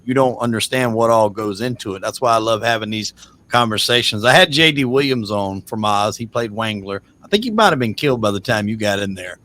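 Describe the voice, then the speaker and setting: A man's voice: on the low side, lively intonation, brisk, sharp tone. A man hosting a casual interview, asking questions in an easygoing way with lots of fillers like "um" and "like". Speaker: podcast host.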